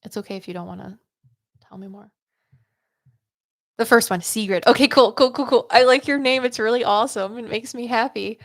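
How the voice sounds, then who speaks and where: A woman's voice: a little high, a little fast, long pauses, dry recording, clean studio sound. A woman hosting livestream psychic readings, chatty and upbeat, rambling with lots of "like" and "um". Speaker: psychic medium host.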